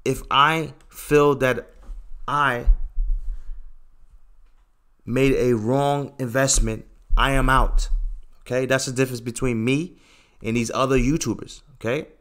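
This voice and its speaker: A man's voice: mid-range voice, steady tone, slow, pauses often. Blunt, emphatic livestream host man. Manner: blunt, repeats "okay" and "bro" often; lectures emphatically, gets louder when making a point. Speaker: livestream host answering chat. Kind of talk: casual livestream commentary.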